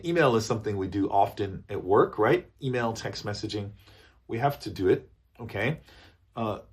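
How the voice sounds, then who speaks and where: Husky and on the low side, this man's voice leads a business English lesson. He's energetic, repeating phrases and examples while checking in constantly with "okay?" and "right?".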